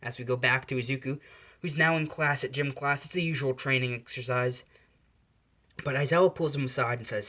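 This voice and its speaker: A man's voice: medium pitch, fairly even intonation, a little fast, bright, forceful tone. A man casually narrating a fan story in a loose, unscripted way. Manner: loose, with fillers and restarts.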